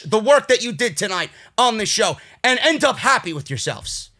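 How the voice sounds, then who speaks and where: Fired-up male show reviewer, New York accent, high bright voice, profane rants that boil over into shouting. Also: sing-song, normal speed, few pauses. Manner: furious profane ranting, swinging between shouting and weary grumbling. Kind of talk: angry ranting show review.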